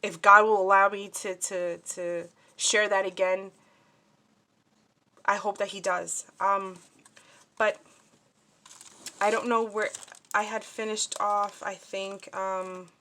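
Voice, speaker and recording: A woman's voice: mid-range voice, little pitch movement, slow pace, long pauses, bright, forceful tone. A woman chatting casually as she shows off a handmade craft project, talking in a scattered way with many fillers and restarts. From New Jersey, USA. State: upset and shaken. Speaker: crafting vlogger. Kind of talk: casual crafting show-and-tell.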